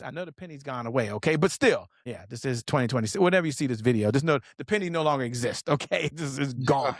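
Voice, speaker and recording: A man's voice: on the high side, very animated, fast talker, no echo, studio quality. A man giving an emphatic sales talk as a business coach, often asking "okay?" and speaking straight to the viewer. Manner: emphatic, repeats "okay?", direct address to viewers. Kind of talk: animated sales teaching.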